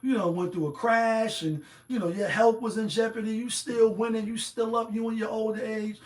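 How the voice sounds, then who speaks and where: High-voiced man ranting in echoey room. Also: fairly even intonation, moderate pace. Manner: streetwise, profane, rambling opinion talk. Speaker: host. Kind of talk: casual monologue.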